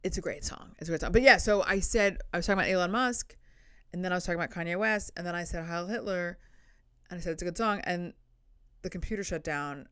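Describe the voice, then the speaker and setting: A woman's voice: lowish voice, quick pace, a bit bright, smooth, no echo, clean studio sound. A young adult woman hosting a casual solo comedy podcast, rambling and blunt with self-deprecating asides, sitting on the floor indoors.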